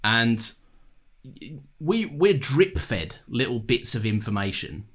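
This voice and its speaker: Male podcast co-host, mid-pitched, rambling jokey banter. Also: big pitch swings, slow. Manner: joking, rambling, swears casually. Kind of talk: casual chat.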